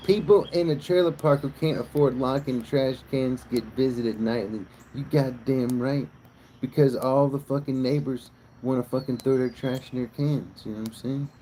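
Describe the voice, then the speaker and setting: A man's voice: medium pitch, fairly even intonation, moderate pace, mellow, a little hiss or hum, rough recording. A man hosting a casual livestream outdoors by a cow pasture, rambling crudely and swearing a lot. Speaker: livestream host.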